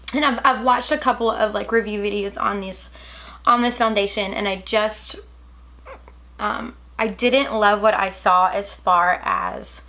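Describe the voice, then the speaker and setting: A woman's voice: mid-range voice, bright, forceful tone. A young woman reviewing makeup in a chatty, gushing way, hiccuping as she talks. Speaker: beauty vlogger. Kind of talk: casual product review.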